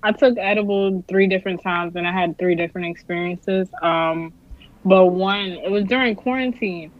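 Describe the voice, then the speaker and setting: A woman telling a story in lively, laughing casual chat. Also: on the low side, moderate pace, narrow, tinny audio.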